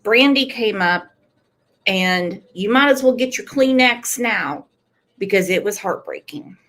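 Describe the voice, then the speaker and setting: A woman hosts a true crime show in an unhurried, earnest way, speaking straight to her viewers. Her pitch sits in a middle range and she takes her time over each thought. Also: expressive, a bit bright. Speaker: true crime channel host. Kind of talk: casual commentary on a livestream.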